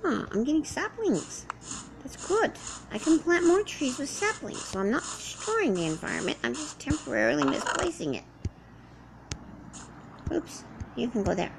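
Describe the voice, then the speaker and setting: A woman's voice: high voice, sing-song, moderate pace, gravelly, noisy background. A woman doing in-character survival roleplay commentary while playing, rambling to herself and chatting to the animals around her. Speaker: game roleplayer.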